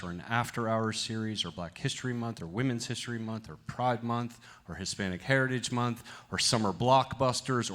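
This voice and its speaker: Man, theater director, live stage welcome, energetic, joking with the crowd, stage mic. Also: medium pitch.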